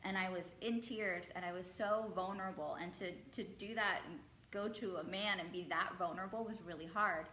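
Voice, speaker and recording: A woman's voice: medium pitch, fairly even intonation, fairly quick, hardly any pauses, bright, forceful tone, echoey room, a little hiss or hum, low-quality recording. A woman guest telling her personal story in an interview, earnest and hesitant, with frequent ums. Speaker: guest sharing her experience.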